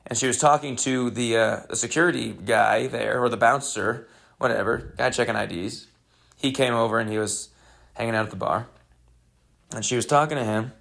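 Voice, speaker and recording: A man with a gravelly, mid-range voice tells a loose, rambling story on his comedy podcast. His delivery is deadpan, with crude jokes. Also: mid-range voice. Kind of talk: casual storytelling monologue.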